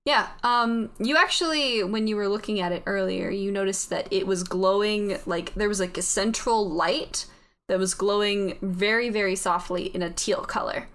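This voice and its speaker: A woman's voice: medium pitch, normal speed, a bit bright. A woman narrating as game master, describing scenes with many fillers.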